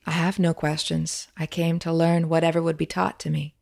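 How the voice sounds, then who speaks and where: A woman's voice: deep voice, flat delivery, moderate pace, vocal fry, a little mellow, dry recording, studio quality. A woman voicing an earnest, respectful young woman seeker speaking to a spirit.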